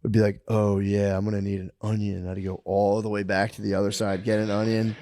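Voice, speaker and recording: A man's voice: on the low side, level tone, fairly quick, dark tone, no room sound, studio quality. A man on a comedy podcast, telling crude, rambling stories in a casual chat and laughing at his own jokes.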